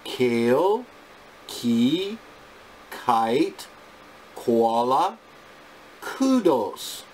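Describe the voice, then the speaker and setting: A male English teacher reciting phonics sounds and words one at a time in a deliberate, clipped drill. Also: medium pitch, big pitch swings, a little mellow, slight background noise.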